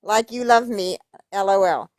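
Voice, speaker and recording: A woman's voice: mid-range voice, a little slow, no echo. A woman reading a string of emails aloud and breaking off for blunt, profane commentary. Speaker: YouTube commentator.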